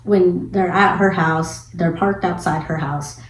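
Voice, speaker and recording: A woman giving a casual spoiler review of a film, retelling scenes in an animated, chatty way with some casual swearing. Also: fairly low pitch, unhurried, slight background noise. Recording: echoey room.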